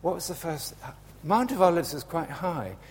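A man preaching a sermon in a church, slow and animated, dropping to a hush and rising again. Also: a little high, breathy edge. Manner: slow, animated, swings from loud to hushed. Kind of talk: Palm Sunday sermon. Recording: echoey church hall with long reverb.

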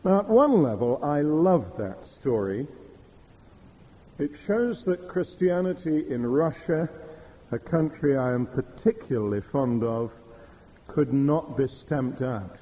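A middle-aged man preaching a sermon, telling stories in a measured way. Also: medium pitch, animated, dark tone, low-quality recording. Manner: measured storytelling with quoted Russian phrases.

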